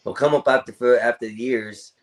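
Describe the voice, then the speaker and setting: A man's voice: medium pitch, steady tone, normal speed. A man in casual chat, telling a long rambling personal story, filling gaps with throwaway "da, da, da" and calling the listener "bro". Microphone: streaming call audio.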